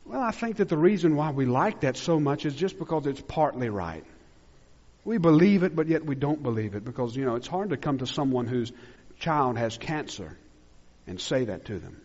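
A man pastor preaching a sermon, swinging between loud emphatic declarations and hushed, low passages. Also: expressive, moderate pace. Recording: dull lo-fi sound with long hall reverb.

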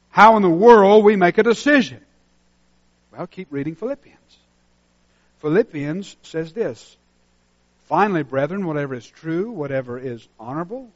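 A male pastor with a high, ringing voice delivers an impassioned sermon. He moves between hushed, earnest asides and loud, driving calls to act. The recording sounds a little muffled and lo-fi. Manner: swings between hushed intensity and loud emphatic exhortation.

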